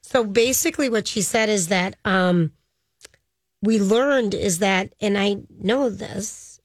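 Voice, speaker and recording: A woman's voice: medium pitch, takes it slowly, dry recording. A woman co-hosting a casual chat, retelling a news story in a loose way with frequent ums and a dismissive "blah, blah.".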